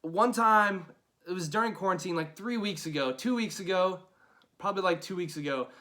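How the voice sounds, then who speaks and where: Young male youth pastor, high bright voice, chatty storyteller giving a casual devotional. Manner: chatty, storytelling, lots of "right?".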